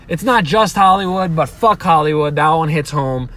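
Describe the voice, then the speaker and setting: A young man delivers a solo podcast rant, his voice sitting slightly high. He swears freely, trips over restarts and circles back on his points as his temper rises. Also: moderate pace, few pauses, sharp tone. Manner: profane, heated, rambling with restarts. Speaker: podcast host. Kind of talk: opinionated solo podcast monologue.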